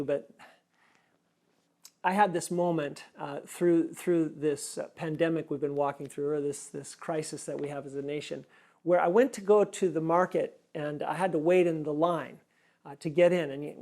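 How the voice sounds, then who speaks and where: A pastor giving an earnest sermon, often repeating words for emphasis. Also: male voice, a little high, fairly even intonation, normal speed, darkish tone.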